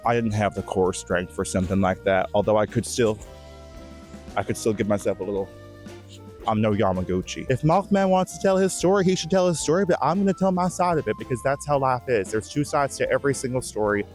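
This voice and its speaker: A man playing a vain, shy, emotional Bigfoot who gives a rambling, earnest tour of his forest home, with halting restarts, in a mock-documentary comedy. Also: medium pitch, animated, darkish tone, soft background music, natural voice. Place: outdoors in woods.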